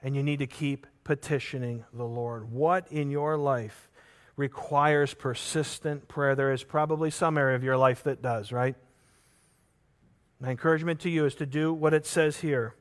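A man preaching a sermon, telling a parable with lively acted-out voices and earnestly urging his listeners with repeated questions. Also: mid-range voice, normal speed. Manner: animated storytelling, acting out characters in the parable.

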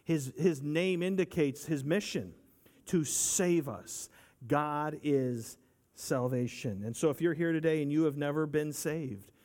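A man preaching a sermon in an earnest voice, repeating his phrases and asking the listeners for agreement. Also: a little high. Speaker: pastor.

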